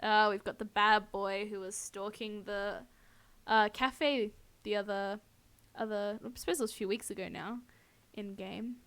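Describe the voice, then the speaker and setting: A woman's voice: medium pitch, fairly even intonation, measured pace, a bit bright, clear, resonant tone. A woman playing and reading a story game aloud, with chatty, self-deprecating asides. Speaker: game streamer. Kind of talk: casual let's-play commentary and reading.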